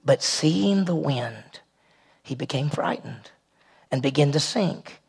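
Gravelly, husky male preacher. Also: on the high side, animated, slow pace, a little mellow. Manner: conversational preaching, rhetorical questions, emphatic rises. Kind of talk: sermon.

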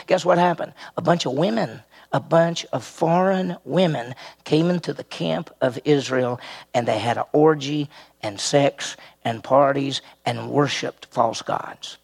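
A man's voice: medium pitch, a little slow, gravelly. A man preaching an expository sermon, walking his listeners through a passage and quizzing them with questions.

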